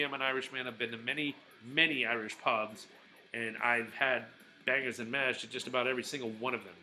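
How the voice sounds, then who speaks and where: A man's voice: medium pitch, bright, forceful tone, slight background noise, poor audio. A man talking casually in a rambling vlog, with lots of fillers and restarts. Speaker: vlogger.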